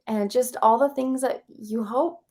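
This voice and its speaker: A woman's voice: a little high, measured pace. A woman in her thirties, a songwriter guest in a casual chat, telling stories about her small child and laughing often. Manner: chatty, laughs often, animated storytelling.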